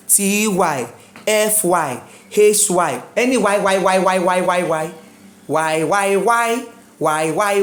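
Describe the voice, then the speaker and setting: A woman teaching an exam-prep lesson, chanting suffixes in a singsong and drilling word lists. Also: fairly low pitch. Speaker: English teacher.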